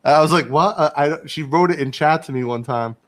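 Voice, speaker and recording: A man's voice: on the high side, fairly quick. A man casually chatting as host of a livestream from a home studio and reading viewer comments aloud. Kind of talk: casual chat.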